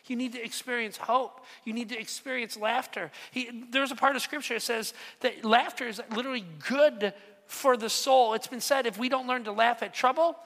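A pastor preaching a lively sermon, firing questions at the congregation and slipping in joking asides. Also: medium pitch, moderate pace. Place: church sanctuary. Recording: long reverb of a large hall.

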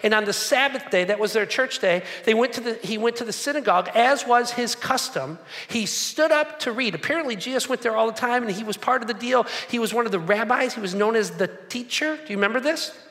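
A man preaching a sermon, animated and acting out the voices of the crowd. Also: very high voice, fairly quick, few pauses. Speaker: pastor. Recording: long hall reverb.

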